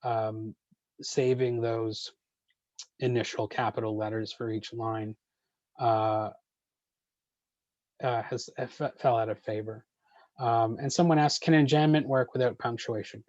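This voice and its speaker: A man leading an online poetry workshop, answering questions in a measured way with frequent ums and uhs. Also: medium pitch, fairly even intonation, a little mellow, no room sound, dull audio.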